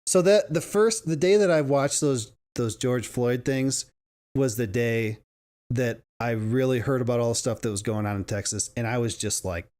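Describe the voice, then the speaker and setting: A man's voice: mid-range voice, a little mellow. Chatty man rambling on a podcast. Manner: rambling, laughs often, restarts sentences. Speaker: podcast co-host. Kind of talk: casual chat.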